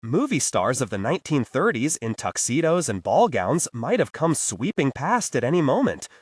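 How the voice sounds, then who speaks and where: Expressive male audiobook narrator. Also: medium pitch, moderate pace, husky, no room sound, clean studio sound. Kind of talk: scripted narration.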